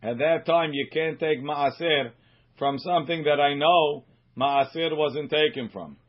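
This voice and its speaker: A man teaching a Talmud class as a rabbi, reading Aramaic phrases slowly and then explaining them in quick English. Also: on the high side. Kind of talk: Talmud study lesson reading and translating. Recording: muffled lo-fi recording.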